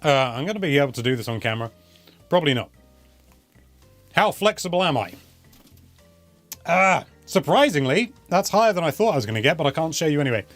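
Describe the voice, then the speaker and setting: A man's voice: on the high side, sing-song, fairly quick, long pauses, a bit bright, dry recording, faint music behind. A young man hosting a casual live question-and-answer stream, chatty and rambling, often correcting himself mid-sentence. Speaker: host answering viewer questions.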